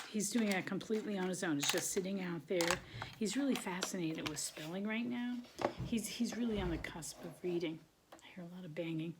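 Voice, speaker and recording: Older woman, lowish voice, rambling home chat, soft half-whispered asides, faint background hiss. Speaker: homeschooling parent and channel host. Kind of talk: casual home update. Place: at home, showing materials to camera.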